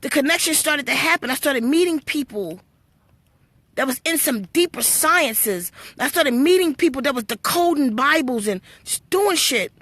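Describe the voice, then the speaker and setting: A woman's voice: high voice, lively intonation, normal speed, a bit bright, dry recording. A woman telling her spiritual story to live-stream viewers, blunt and full of swearing, preachy and storytelling. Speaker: livestream host.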